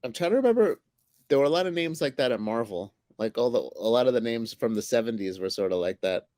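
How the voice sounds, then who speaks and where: A man's voice: medium pitch, lively intonation, fast talker, a little mellow, dry recording. A man who works as a comic book editor, chatting casually, rambling and laughing as he tells jokes. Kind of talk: casual chat.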